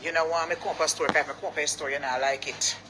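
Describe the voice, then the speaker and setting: Angry jamaican lady, lowish voice, cussing in patois, noisy phone clip. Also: fairly even intonation, fast talker. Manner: cursing, confrontational, in patois. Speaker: business owner in a posted clip. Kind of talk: angry rant video.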